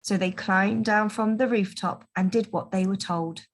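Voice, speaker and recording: A woman teacher reading a Christmas picture book aloud to children, in a gentle, expressive storytelling manner. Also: medium pitch, unhurried. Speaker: primary school teacher.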